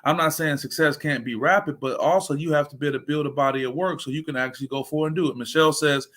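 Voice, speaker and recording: A man in his forties, a sports coach giving an energetic, preacher-like motivational talk on a livestream and answering viewer comments as he goes. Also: on the high side, fast. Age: 40s.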